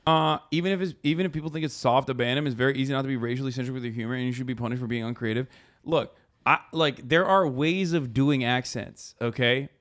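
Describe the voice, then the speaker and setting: A man hosting a casual live stream, reacting to posts with animated, profane commentary. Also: medium pitch, fast talker. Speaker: streamer host.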